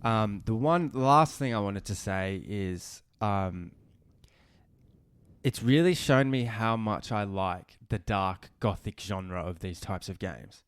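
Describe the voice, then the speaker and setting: A man co-hosting a casual gaming podcast, animated and ranting, swearing and restarting sentences. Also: lowish voice, slow pace, clean tone, no room sound, studio quality. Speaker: podcast co-host.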